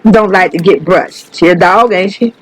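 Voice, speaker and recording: A woman talks her viewers through a life-sim game in loose, animated commentary. She swears freely, laughs a lot and keeps calling her audience baby. Her voice leaps higher whenever something delights or shocks her. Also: moderate pace, low-quality recording. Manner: animated, chatty and profane, calls viewers baby; laughs often, voice jumps high when excited. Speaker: gaming channel host. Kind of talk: casual gameplay commentary.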